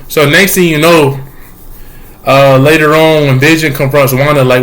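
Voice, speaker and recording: A young man vlogging a casual, excited and slangy recap of a show. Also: a little high, brisk.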